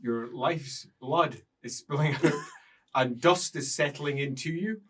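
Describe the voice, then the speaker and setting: A man's voice: fairly high pitch, takes it slowly, a bit bright, recorded from a distance, slight background noise. A man narrating as game master in a tabletop role-playing game, playful and often laughing.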